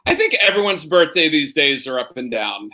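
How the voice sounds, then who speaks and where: A man chatting on a show over a video call, easygoing and a little halting in his speech. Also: fairly high pitch, big pitch swings, sharp tone. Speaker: co-host celebrating his birthday. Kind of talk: casual video-call chat. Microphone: video call from home.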